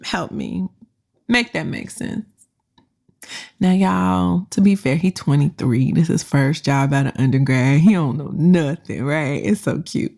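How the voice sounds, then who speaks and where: A woman's voice: sits low, a little slow, vocal fry, warm tone. A woman hosting a career podcast, telling a story with frank, slangy and profane advice, laughing often. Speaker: podcast host and career coach.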